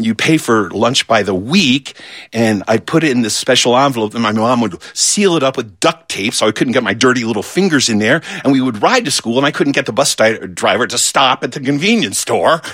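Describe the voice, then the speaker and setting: A man telling a funny childhood story in an animated, playful way, swooping between low and high. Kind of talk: humorous personal storytelling.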